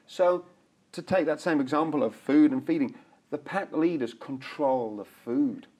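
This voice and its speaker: A middle-aged man, a dog behaviour expert, talking as a guest in a casual interview. He is animated, acts out examples and laughs often. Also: a little high, a little slow, husky.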